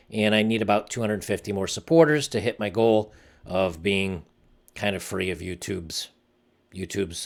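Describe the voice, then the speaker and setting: Talking on his own channel in a low, gravelly voice, a man offers a laid-back commentary monologue that is sincere and grave in mood, with lots of restarted sentences.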